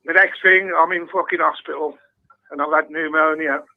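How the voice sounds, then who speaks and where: A man with a slightly high, gravelly voice calls into a phone-in show, speaking at a moderate pace with a steady tone. Heard over the phone line, he tells a rambling story laced with heavy swearing.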